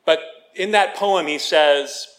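A man, the pastor of a church, preaching a sermon. He reads scripture with slow, measured care, then talks casually with the congregation and jokes with them. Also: fairly high pitch. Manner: reads scripture slowly, then chats with the congregation in a lively, joking way.

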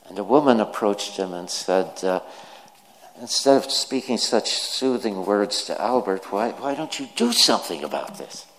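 A man's voice: fairly low pitch, animated, moderate pace, a bit bright, slight background noise. A man preaching a sermon, telling jokes and stories and acting out the quoted lines. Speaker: pastor. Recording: reverberant hall.

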